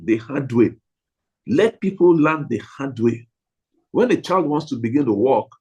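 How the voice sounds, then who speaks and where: Emphatic husky man teaching pastors. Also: mid-range voice, a little mellow, poor audio. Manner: emphatic, repetitive, stresses single words. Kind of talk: training talk to pastors.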